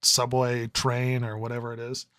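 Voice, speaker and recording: A man's voice: mid-range voice, completely flat delivery, normal speed, sharp tone, smooth, no echo, studio quality. A man co-hosting a podcast review in casual chat, rambling and riffing with lots of stammered restarts. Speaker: podcast co-host.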